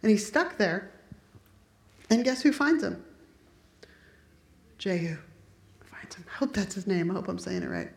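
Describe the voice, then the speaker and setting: A woman preaching a sermon, retelling a Bible story in an animated way and acting out the characters' lines. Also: mid-range voice, unhurried, vocal fry, pauses often. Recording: echoey room.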